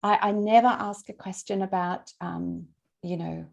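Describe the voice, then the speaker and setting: Woman, webinar trainer; relaxed, chatty delivery with some vocal fry, on a video-call mic. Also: fairly low pitch, measured pace. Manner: friendly, conversational, checks in with attendees by name. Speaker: LinkedIn trainer presenting a webinar. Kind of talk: casual, chatty workshop teaching.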